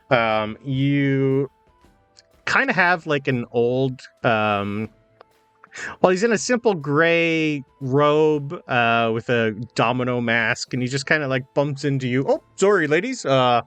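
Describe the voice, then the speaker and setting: A man narrating a tabletop game as game master, casual and halting with many fillers. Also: mid-range voice, expressive, fairly bright tone, clean tone, no echo, soft background music.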